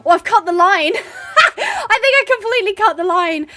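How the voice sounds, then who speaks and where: A woman's voice: extremely high pitch, expressive, moderate pace, sharp tone. A woman chatting casually and laughing while playing a horse game as a streamer. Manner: chatty, giggly, rambling. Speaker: gaming streamer.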